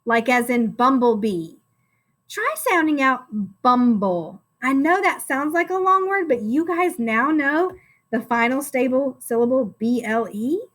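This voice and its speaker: Slow, high-voiced woman teaching phonics. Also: fairly bright tone. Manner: slow, encouraging, sounds out words syllable by syllable. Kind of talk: phonics lesson for young children.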